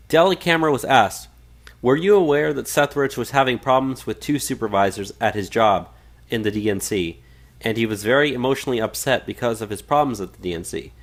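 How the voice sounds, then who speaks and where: A man co-hosting a casual political podcast. He reads quoted passages aloud and talks loosely, with frequent fillers and false starts. His voice sits at a middling pitch. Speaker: podcast co-host. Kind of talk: casual political talk radio.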